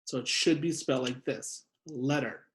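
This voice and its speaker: Slow, clear teacher in an echoey room. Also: male voice, medium pitch. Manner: slow, deliberate, repeats each word. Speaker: second grade teacher. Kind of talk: spelling lesson for children.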